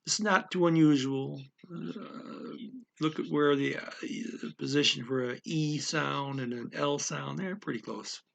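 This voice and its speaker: A man thinking aloud as he explains a language lesson, halting often with fillers and restarts. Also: fairly high pitch, gravelly, a bit bright. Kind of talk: casual spoken language lesson.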